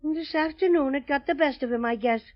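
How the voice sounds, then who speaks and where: A man's voice: extremely high pitch, fast talker. An actor playing a small, friendly male teddy bear with an Irish accent in an old radio drama, with a lilting, cheery way of talking. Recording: dull old radio recording.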